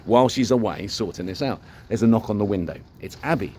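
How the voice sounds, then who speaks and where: A man's voice: lowish voice, lively intonation, fast talker, a little mellow, a little hiss or hum. An older man tells a long, rambling story in a casual vlog, swearing freely and acting out the dialogue. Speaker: vlogger.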